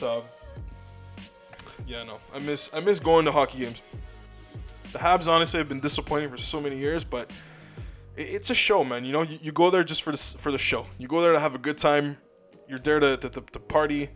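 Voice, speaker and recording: A young man, a comedian, telling loose stories in a rambling, profane way, full of restarts and "dude". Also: fairly high pitch. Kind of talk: casual storytelling monologue.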